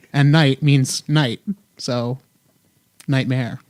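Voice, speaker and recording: A man's voice: medium pitch, fairly even intonation, drawn-out words, smooth, no echo. A young man hosting a podcast in casual chat, joking and rambling with many fillers. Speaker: podcast host. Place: home room.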